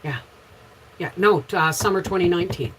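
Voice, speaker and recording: A middle-aged woman with a Canadian accent talks briskly in a lowish, fairly bright voice over a rough recording with a little hiss or hum. Hosting a casual homesteading livestream from home, she describes her day and greets viewers by name.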